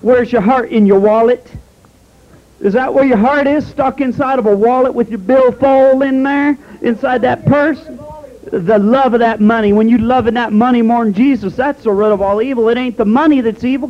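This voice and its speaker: A Southern American preacher man with a very high voice, delivering a sermon. He is folksy and calls the congregation honey while hammering them with rhetorical questions. The sound is a dull, lo-fi tape recording. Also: moderate pace.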